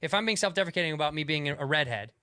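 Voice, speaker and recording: Man, podcast co-host, casual argument, slightly high, bright tone. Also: animated. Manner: quick interjections, argues with examples.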